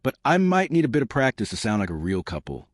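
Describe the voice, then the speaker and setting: A man's voice: medium pitch, very animated, fast talker, no echo, clean studio sound. A man voicing a cheerful, playful woman in her fifties, talking chirpily and eagerly.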